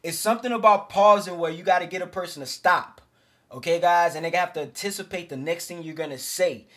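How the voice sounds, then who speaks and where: High-voiced man coaching casually. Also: a little fast, a bit bright. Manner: casual, emphatic, addresses viewers as fellas. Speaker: self-improvement coach. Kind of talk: direct-to-camera advice talk.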